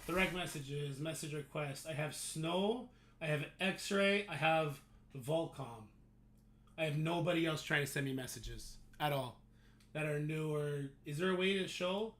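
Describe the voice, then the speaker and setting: A man's voice: a little high, unhurried, a bit bright. A man streaming a game live and talking to his chat in an exasperated rant, swearing heavily. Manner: exasperated ranting, heavy swearing. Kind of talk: livestream talk to chat.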